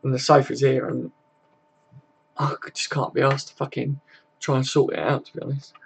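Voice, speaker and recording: A man's voice: mid-range voice, level tone, moderate pace, gravelly, husky. A young British man hosting a casual live stream from home, chatting loosely, swearing often and tagging his sentences with "mate" and "innit". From Britain. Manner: laddish, swears a lot, tags questions with mate. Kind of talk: casual live chat reading comments. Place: home room with desk and sofa.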